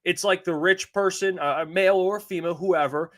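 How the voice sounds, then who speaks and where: A man co-hosting a sports talk show, excitable and jokey. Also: high-pitched, moderate pace. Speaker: co-host.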